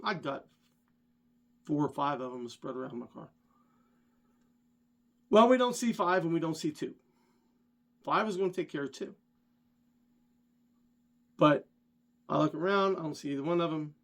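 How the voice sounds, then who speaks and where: A man vlogger casually telling a rambling story, animated and self-deprecating. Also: on the high side, moderate pace, long pauses.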